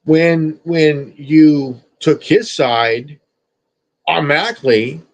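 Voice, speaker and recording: A man's voice: on the high side, takes it slowly, rough recording. A man streamer ranting at someone in a confrontational, profane, repetitive way. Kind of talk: confrontational rant.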